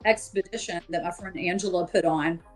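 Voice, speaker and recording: A woman's voice: lowish voice, fairly quick, faint music behind. A woman on a podcast, telling of her field investigations in a chatty way, full of fillers and acted-out quotes. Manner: chatty, many fillers, acts out quoted voices. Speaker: paranormal investigator guest. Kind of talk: casual storytelling interview.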